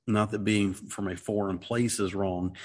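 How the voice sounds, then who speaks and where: A man's voice: lowish voice, fairly even intonation, a little slow, a little mellow. A middle-aged man talking through a Bible passage in casual discussion, earnest and rambling, with many restarts and "okay"s. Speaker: Christian teacher.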